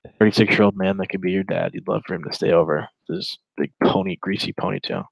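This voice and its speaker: A man's voice: deep voice, fast talker, creaky, no room sound, lo-fi sound. A man in his twenties giving casual, rambling reaction commentary while reading a chat log, with sarcastic asides.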